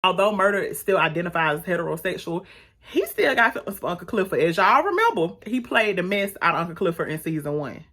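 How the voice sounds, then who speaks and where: A woman reviewing a TV episode in a casual, animated, sassy way, talking straight to her viewers. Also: lowish voice, fast. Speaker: YouTube reviewer.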